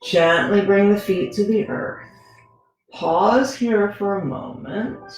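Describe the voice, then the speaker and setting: Gentle woman guiding yoga in an echoey room. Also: medium pitch, slow pace. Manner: gentle, conversational, often adds "right?". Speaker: yoga teacher. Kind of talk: guided yoga instruction. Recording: very echoey room with faint music.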